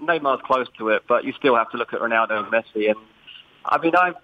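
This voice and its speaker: British football pundit on a dull line. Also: male voice, medium pitch, crowd noise. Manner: measured, explanatory. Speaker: football insider guest. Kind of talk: sports analysis chat.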